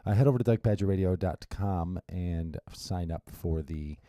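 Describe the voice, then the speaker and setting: A man's voice: low-pitched, normal speed, dark tone, dry recording. A man hosting his radio show alone, chatting casually and rambling with wry asides and restarts into a studio mic. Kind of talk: casual solo radio monologue.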